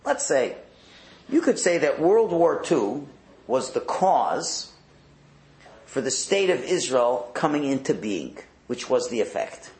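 A man's voice: fairly high pitch, gravelly. A man teaching a Torah class as a rabbi, telling stories animatedly and acting out the voices. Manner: animated storyteller, acts out voices. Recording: roomy echo.

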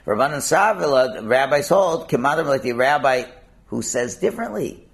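A Talmud teacher with a mid-range, animated voice and some vocal fry explains a passage at a moderate pace. He poses questions and answers them himself, mixing in Hebrew and Aramaic terms.

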